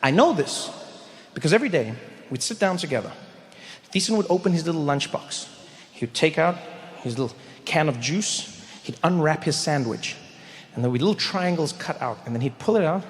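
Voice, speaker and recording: A man telling a stand-up story on a live stage, acting out characters with sudden high shouts. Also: animated, a little fast, long pauses, big-room sound. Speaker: stand-up comedian. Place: live comedy stage before an audience.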